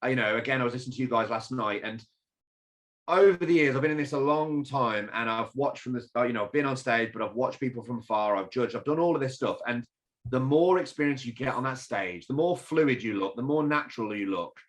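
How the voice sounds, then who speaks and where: A man from England talks as a guest on a fitness podcast. He tells stories with plenty of energy, blunt and sometimes swearing, in a voice of ordinary pitch. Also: fairly quick. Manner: animated, swears, storytelling. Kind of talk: casual interview chat.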